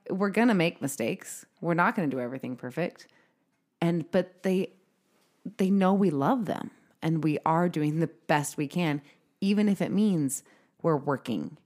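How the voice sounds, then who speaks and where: A woman hosting a podcast in casual conversation, chatty and laughing often as she talks. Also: sits low. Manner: chatty, laughs often, quotes herself in asides. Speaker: podcast host.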